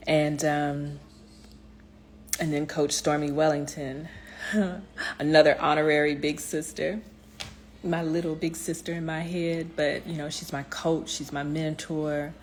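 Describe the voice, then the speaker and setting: A woman with a low, full voice speaks from the heart in a personal motivational vlog. She talks straight to her viewers with encouragement, trailing off and restarting often. Faint background noise sits under her voice. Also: little pitch movement, unhurried, long pauses. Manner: earnest, heartfelt, many fillers and restarts.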